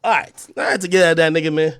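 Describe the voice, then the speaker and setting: High-pitched man ranting on a stream. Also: fast, smooth, no echo, clean studio sound. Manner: aggressive, profane trash talk that swings from shouting to low muttering. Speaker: livestream host. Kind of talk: ranting livestream talk.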